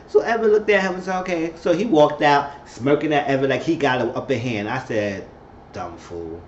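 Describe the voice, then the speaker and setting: A man giving an animated, chatty recap of a TV episode, with quick asides. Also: on the high side. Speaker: TV show reviewer. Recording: echoey, dull-sounding room with faint hiss.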